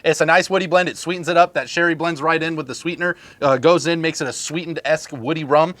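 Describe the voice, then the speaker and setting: A man's voice: a little high, steady tone, quick pace, fairly bright tone, no echo. A man co-hosting a casual rum review show at a home bar, upbeat and joking with a salesy push. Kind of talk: casual tasting chat.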